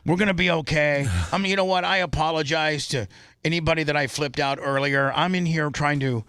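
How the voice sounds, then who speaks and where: A man's voice: on the high side, steady tone, a little fast, sharp tone, clean tone, no echo. A male radio talk show host reading out listener donations on air from his studio, emotional and rambling, with many restarts. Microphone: studio microphone.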